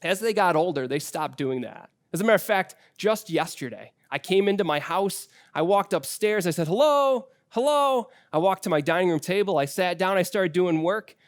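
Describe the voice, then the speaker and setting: A man in his forties preaches from the pulpit, his voice sitting a little higher than most men's. He talks to the congregation in an easy, conversational way, weaving in personal stories about his children. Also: brisk, few pauses, no room sound. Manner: conversational storytelling with personal anecdotes. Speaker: pastor. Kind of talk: sermon.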